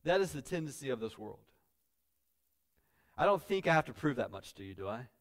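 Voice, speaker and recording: A man preaching a sermon as pastor, dropping to quiet asides and building to loud, emphatic peaks. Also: medium pitch, very animated, brisk.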